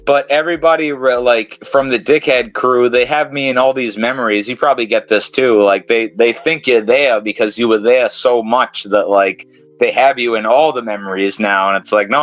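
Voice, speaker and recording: A man's voice: medium pitch, steady tone, moderate pace, a bit bright, no echo, dull audio, faint music behind. A man from New England with a New England accent, hosting a podcast in casual, rambling, profane chat. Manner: rambling, profane, laughs often. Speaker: podcast host.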